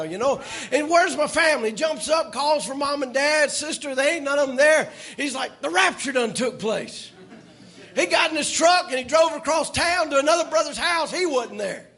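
A man preaching a sermon, telling a folksy story and rising to shouts. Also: very high voice. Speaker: pastor.

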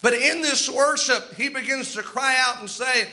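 Preacher man, very high pitched and sharp, vivid storyteller; sermon. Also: normal speed, low-quality recording. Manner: vivid storytelling preaching, retells scripture and anecdotes.

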